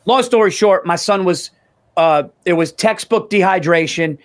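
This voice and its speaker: A middle-aged man with a high voice talks in a loose, rambling way. His casual sports chat is full of swearing and stop-start detours. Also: moderate pace. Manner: rambling, profane storyteller. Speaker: podcast co-host.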